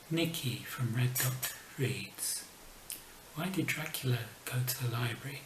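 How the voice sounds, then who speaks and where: A man casually telling book jokes as a vlogger, dropping his punchlines softly, sometimes in a whisper. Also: medium pitch, a little slow, far from the mic. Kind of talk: casual joke telling to camera. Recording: echoey room, mic set back, faint noise.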